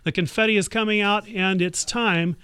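Woman hosting a radio pledge drive, kinda halting, lots of uhs, dry sound. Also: mid-range voice, steady tone, fairly bright tone, clear, resonant tone, no room sound. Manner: measured, halting, with many fillers. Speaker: public affairs radio host. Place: radio studio.

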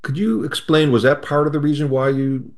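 A man hosting an interview, asking questions and explaining background to the audience in a steady way. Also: a little high, a little fast. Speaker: interview host. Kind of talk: conversational interview.

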